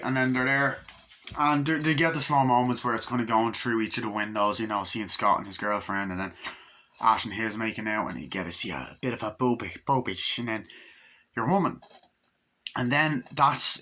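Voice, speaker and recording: A man's voice: medium pitch, pushed and bright. A man giving a casual horror movie review who swears a lot and acts out the scenes as he retells them.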